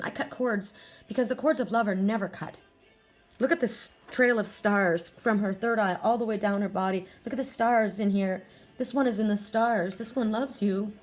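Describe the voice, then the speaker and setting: A woman giving a spiritual oracle card reading to her viewers. She is earnest and emotional, often restarts and repeats phrases. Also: medium pitch.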